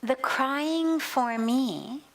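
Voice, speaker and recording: Slow-speaking woman giving a spiritual talk. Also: sits high, poor audio. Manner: slow, measured storytelling. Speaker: spiritual teacher. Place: outdoor garden.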